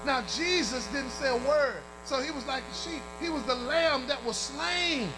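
A man preaching a fervent sermon, chanting and shouting to his congregation and calling for amens. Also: very high-pitched, moderate pace, noisy background. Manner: calls out to the congregation.

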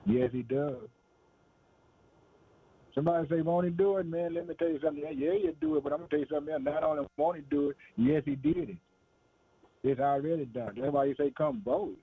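A fervent male preacher with a husky, slightly high voice, working through his sermon and breaking into short laughs. The sound is thin and tinny, like it is coming through a phone line or old radio. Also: lively intonation, fairly quick. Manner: fervent, calls "boy" and "man", laughs between lines.

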